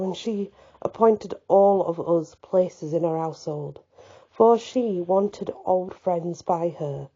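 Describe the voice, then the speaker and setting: A woman's voice: mid-range voice, warm tone, husky, highs cut off. A woman reading a novel aloud expressively, stepping out for casual asides. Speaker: reader.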